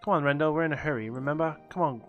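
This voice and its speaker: A man reading as an eager young explorer with a slightly high voice. He sounds confident and keen for adventure. Soft game music plays behind him. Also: rapid-fire, narrow, tinny audio, close to an everyday voice.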